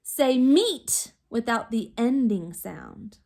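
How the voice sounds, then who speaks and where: A woman teacher recording a video phonics lesson for young children, sounding out words slowly and clearly. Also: a little high, sing-song, darkish tone. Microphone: recorded to camera for remote students.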